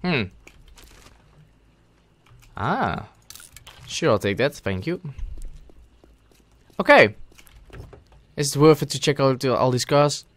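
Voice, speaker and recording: A man hosting a gaming channel, giving let's play commentary as he talks to himself and bursts into loud, excited shouts. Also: mid-range voice, slow pace, long pauses.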